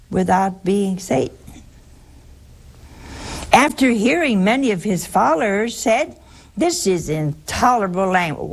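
An older woman with a gravelly voice speaks at a very slow, deliberate pace. She hosts a call-in religious show and teaches scripture to a caller, and she stresses her main points by repeating them. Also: mid-range voice. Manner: slow, emphatic, repeats key phrases. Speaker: host answering a caller.

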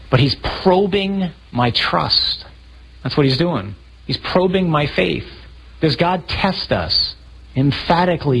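A man delivering a sermon in a very husky, rough voice pitched a little high. He tells stories vividly, acting out scenes and raising his voice for the dramatic moments. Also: rough recording. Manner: animated storytelling, acting out scenes with raised voice. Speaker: priest.

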